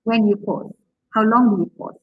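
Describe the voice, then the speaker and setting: Over narrow, tinny audio, a woman with a slightly high, husky voice lectures on public speaking at a moderate pace. The online class is interactive: she encourages students, asks questions, and pads with many "okay"s and "right"s.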